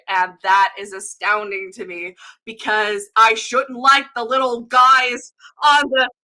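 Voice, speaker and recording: A woman giving a profane, excitable comedic rant as a guest on an improv show. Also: high voice. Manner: profane, excitable, fast-swinging delivery.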